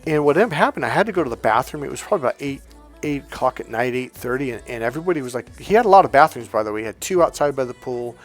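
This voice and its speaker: Racing along at a medium pitch, the life coach shares a personal anecdote over faint background music. He's a middle-aged man in a chatty, casual mood, performing the dialogue with lively shifts and swearing offhandedly.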